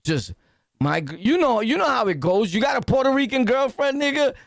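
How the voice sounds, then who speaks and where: A Brooklyn man reacts in a loud, profane rant thick with street slang, laughing between lines. His voice sits high and rough with fry. The recording is dry and close. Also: expressive, brisk, no room sound. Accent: Brooklyn New York. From Brooklyn, New York. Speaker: reaction commentator.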